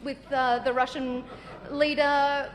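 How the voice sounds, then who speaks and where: A woman's voice: high voice, little pitch movement, takes it slowly, in a large hall. A woman interviewer asking probing follow-up questions in a broadcast interview.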